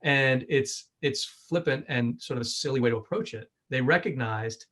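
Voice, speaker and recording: Man, 40s, mid-pitched, easygoing keynote speaker over a video call, talks in loose restarts. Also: moderate pace, few pauses, a bit bright. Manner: conversational, frequent 'right?' tags and restarts.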